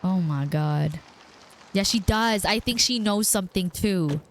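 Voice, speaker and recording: A woman streaming a story game live, reacting out loud, excitable and swearing as she plays. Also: mid-range voice, measured pace. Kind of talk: live let's play commentary.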